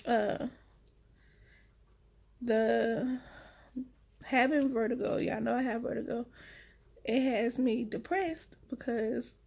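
Husky-voiced woman telling her story. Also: a little high, steady tone, slow, long pauses, a little mellow. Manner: emotional, talks straight to viewers. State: one week after giving birth. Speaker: vlogger, new mother. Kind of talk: casual storytelling to viewers.

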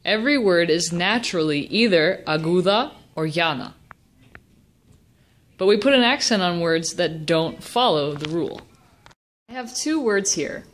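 A woman explaining a language lesson, slowing down to pronounce example words with care. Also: on the low side, lively intonation. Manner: slow, deliberate pronunciation of example words. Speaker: Spanish teacher.

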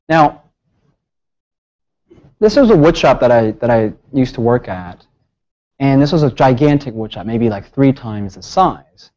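A man giving a public lecture, telling stories with lively rhetorical questions. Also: mid-range voice, highs cut off. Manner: animated storytelling with rhetorical questions. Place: lecture hall.

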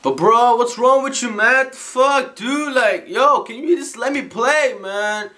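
A man voicing a furious young gamer who yells and curses at a teammate in a high strained voice. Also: a little slow, full character voice.

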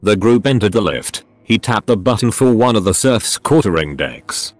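Low synthetic male story narrator. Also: moderate pace, no room sound, faint music behind. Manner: flat synthetic delivery reading all parts alike. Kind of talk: text-to-speech story reading.

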